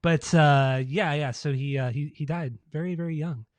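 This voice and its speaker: A man chatting casually as a podcast co-host, his voice sitting a little high. He rambles with plenty of filler and laughs easily. The sound is dry and close. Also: normal speed, dry recording. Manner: rambling, laughs often, heavy use of "like".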